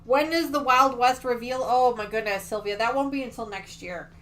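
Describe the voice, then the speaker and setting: A woman with a fairly high voice hosts a casual quilting livestream. She chats and gushes as she shows her work and answers viewer comments. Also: normal speed, a bit bright. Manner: gushing and chatty, reads viewer comments aloud. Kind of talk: casual livestream chat while sewing.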